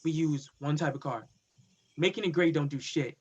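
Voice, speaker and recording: Over a video call with dull lo-fi audio, a man reads the part of a blunt, stubborn young police officer in a play reading. His voice is on the high side, slightly rough, at normal speed, and he sounds blunt as he argues.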